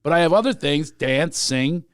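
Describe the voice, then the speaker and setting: A man's voice: on the high side, moderate pace, clear, resonant tone, no echo. A man hosting a podcast, chatting casually and joking, often slipping into impressions. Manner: animated, joking, breaks into impressions. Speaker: podcast host. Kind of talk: casual comedic interview chat.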